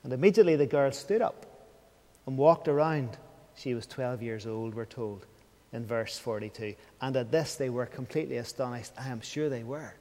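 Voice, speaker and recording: A man's voice: mid-range voice, normal speed, darkish tone, big-room sound. A man preaching an evening sermon, earnest and questioning, sometimes dropping to a near whisper.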